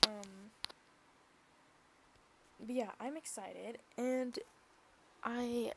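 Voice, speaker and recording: A woman's voice: fairly high pitch, fairly even intonation, slow, vocal fry, pauses often, a little mellow, slight background noise. A young woman chatting casually on her own podcast, rambling and gushing with many fillers, sometimes dropping to a whisper. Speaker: podcast vlogger. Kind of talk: casual chat.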